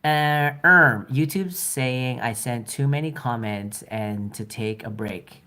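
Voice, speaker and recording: A man's voice: mid-range voice, takes it slowly, hardly any pauses, pushed and bright. Young guy streaming his drawing, joking around w/ chat, teasing, easygoing. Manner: playful, teasing, answers viewer comments while drawing. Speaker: livestreaming artist. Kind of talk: casual livestream chat.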